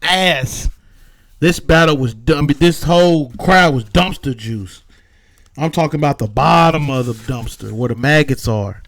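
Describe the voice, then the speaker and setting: A man's voice: a little high, normal speed, vocal fry, dry recording. A man with a Southern American accent giving a loose, slangy recap of rap battles, with emphatic verdicts. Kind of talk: casual recap commentary.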